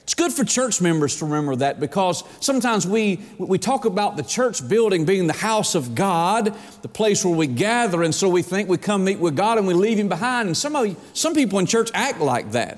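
A man delivers a sermon, slowing down to read scripture and slipping into homey anecdotes. His voice sits a bit high for a man, and the sound rings with the long reverb of a big hall. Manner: reads scripture slowly, tells folksy anecdotes. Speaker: pastor.

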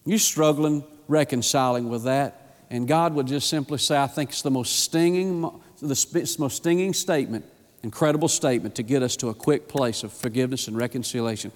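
A man preaching a sermon in a church, fervent, often acting out voices and rising to an excited pitch. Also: a little fast, long reverb tail. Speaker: pastor. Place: church sanctuary.

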